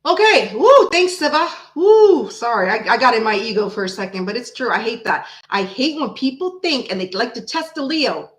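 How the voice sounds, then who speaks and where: A brash, chatty woman reads tarot live and swears freely. Her voice sits fairly high. It rings in an echoey room. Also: a little fast, hardly any pauses, a bit bright. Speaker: tarot reader. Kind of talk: live-stream tarot reading with chat.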